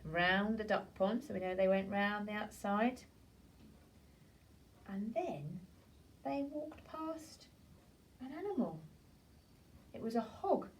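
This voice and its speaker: A woman teacher, gently retelling a story to young children in a drawn-out, sing-song way. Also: mid-range voice. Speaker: primary school teacher. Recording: voice from a distance off the mic.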